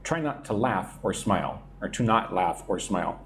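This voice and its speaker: A man's voice: sits low, expressive, normal speed, creaky, a little hiss or hum. A man teaching English idioms on a live stream, reading out viewer comments and checking in with "right?" as he explains.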